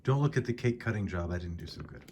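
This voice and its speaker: A man co-hosting a casual cooking chat, quick to react and joke. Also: lowish voice, expressive, noisy background. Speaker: cooking show co-host.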